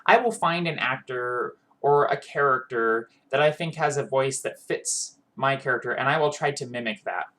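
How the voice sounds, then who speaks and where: A man's voice: mid-range voice, moderate pace, few pauses, fairly bright tone. A man hosting a video with tips for tabletop role-playing, talking in a casual, earnest way with many ums and restarts. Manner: earnest, with frequent fillers and restarts. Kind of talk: casual advice monologue.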